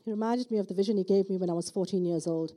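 A woman's voice: medium pitch, very fast, warm tone. A middle-aged woman with a South African accent gives an emphatic church testimony, often checking in with the audience by asking "okay?". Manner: emphatic, with repeated rhetorical "okay?" asides. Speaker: church speaker giving testimony. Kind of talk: preaching testimony.

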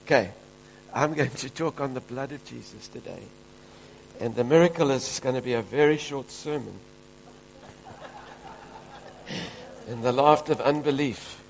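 A man's voice: medium pitch, a little slow, gravelly, pauses often, a little hiss or hum, rough recording. A man from Africa, preaching a fervent, emphatic sermon as pastor. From South Africa.

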